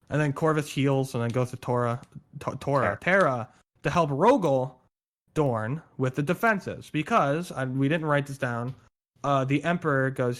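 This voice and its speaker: A man in casual chat, excitedly explaining game lore, swearing and going on tangents. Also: mid-range voice, moderate pace.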